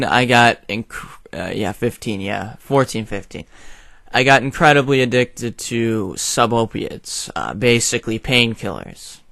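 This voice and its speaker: Slow, blunt, swearing young man. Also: mid-range voice, gravelly, fairly bright tone, no room sound, studio quality. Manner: blunt, profane, frequent fillers. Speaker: video commentator. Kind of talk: opinion rant to camera.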